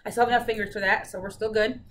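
A woman's voice: medium pitch, level tone, racing, fairly bright tone. A young woman hosts a casual stitching update from her living room. She talks like a storyteller and laughs often. A faint hum sits underneath her voice. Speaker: flosstube host. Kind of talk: casual chat.

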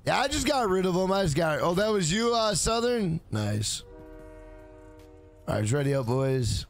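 A man's voice: high-pitched, very animated, normal speed. A man live-streaming a video game, swearing often and greeting viewers in chat by name. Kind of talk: live gaming stream commentary.

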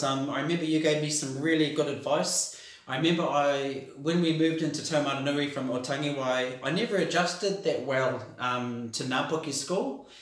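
A man with a New Zealand accent giving a rambling, hesitant birthday tribute to his sister, full of ums. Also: on the high side. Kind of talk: casual spoken birthday message. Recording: very echoey room.

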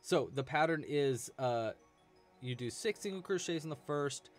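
A man's voice: a little high, lively intonation, normal speed, faint music behind. Chatty man teaching crochet on a live stream. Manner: chatty, rambling, many fillers.

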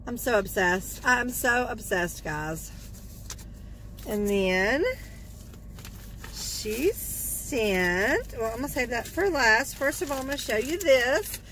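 A woman with a high, bright voice talks slowly and warmly from inside a parked car. She gushes, drawing out her thanks, and a faint hum of noise sits under her voice. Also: poor audio. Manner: gushing, effusive, repeats thanks. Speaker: vlogger opening fan mail. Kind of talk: casual chat.

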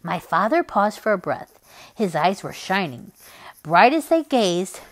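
Expressive woman reading a novel aloud. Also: mid-range voice, measured pace. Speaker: reading tutor.

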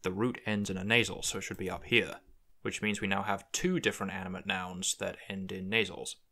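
A man's voice: deep voice, steady tone, fairly quick, sharp tone. A man hosting a language-building tutorial, thinking aloud as he works through word forms. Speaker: conlang video host. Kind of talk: screen-recorded tutorial narration.

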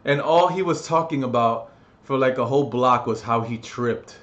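Young male vlogger, crude and rambling, swears a lot, average pitch. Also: normal speed, fairly bright tone, highs cut off. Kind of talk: casual rambling monologue.

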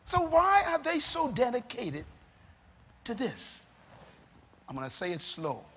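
Middle-aged male pastor, high and bright, deliberate sermon delivery with dramatic pauses. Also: sing-song, slightly rough. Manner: emphatic preaching with repetition and dramatic pauses.

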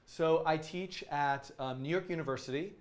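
A man's voice: a little high, moderate pace. A man hosting a casual coding live stream, talking students through project ideas in a rambling, enthusiastic way with many ums and restarts.

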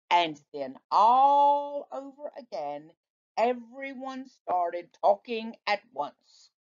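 A woman teacher with a mid-range voice reads a children's book aloud, slow and expressive like a storyteller. The recording is dull and lo-fi.

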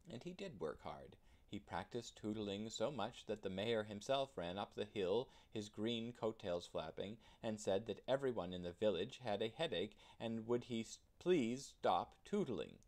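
Expressive low-voiced man reading a children's story. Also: a little slow, few pauses. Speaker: narrator. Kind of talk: children's storybook read-aloud.

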